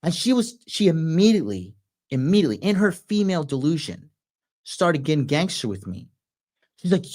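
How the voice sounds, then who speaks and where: A man's voice: fairly high pitch, sing-song, normal speed, darkish tone. A man hosting a show, ranting aggressively with constant profanity. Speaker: podcast host. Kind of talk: ranting commentary.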